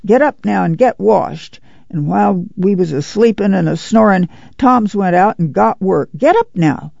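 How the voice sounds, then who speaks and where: A man's voice: fairly high pitch, moderate pace, vocal fry, warm tone, no room sound, muffled recording. A man voicing a weary, determined rural mother in a storybook reading, with a folksy drawl. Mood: urgent. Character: weary determined Dust Bowl mother, middle-aged woman.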